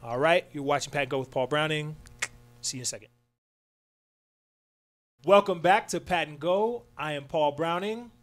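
A man's voice: fairly high pitch, moderate pace, long pauses. A man hosting a casual radio sports show, upbeat and loose, with lots of fillers. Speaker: sports talk show host.

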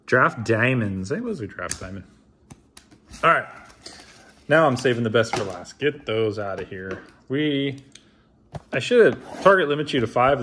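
A man in his thirties talks casually at a middling pitch, reading names aloud. He tosses off dry, mumbled asides under his breath. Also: a bit bright, a little hiss or hum. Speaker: card opener. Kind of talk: casual card-opening vlog.

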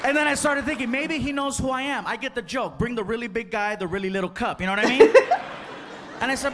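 A male comedian telling a story on stage, animated and acting out the dialogue, recorded live over audience laughter and noise. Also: very high-pitched, quick pace, over a noisy crowd. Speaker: stand-up comedian. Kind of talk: stand-up storytelling.

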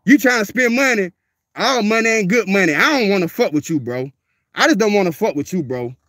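High-voiced, combative man. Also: lively intonation, a little fast, a bit bright, no echo, clean studio sound. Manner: profane, confrontational, repeats himself. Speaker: dog breeder and livestreamer. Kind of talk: livestream rant.

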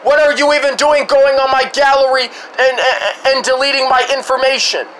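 A man's voice: very high-pitched, fairly even intonation, normal speed, fairly bright tone, a little hiss or hum, rough recording. A man in an angry rant, swearing heavily and stumbling over repeated restarts. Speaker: vlogger. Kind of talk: angry ranting to camera.

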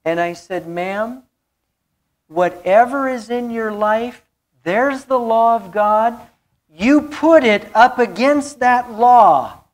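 A woman's voice: a little high, takes it slowly. A woman pastor preaching a sermon, telling a story and repeating key phrases for emphasis.

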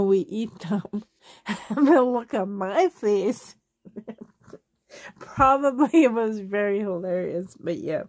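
Slow, giggly Canadian woman telling stories. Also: mid-range voice, darkish tone, dry recording, clean studio sound. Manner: giggly, laughs through her stories; loose and rambling, many fillers. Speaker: vlogger answering a tag video. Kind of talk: casual storytelling.

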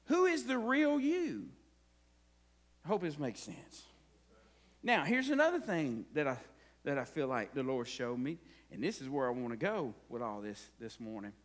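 A man's voice: mid-range voice, huge pitch swings, moderate pace. A man preaching a conversational sermon as pastor, asking the congregation frequent rhetorical questions.

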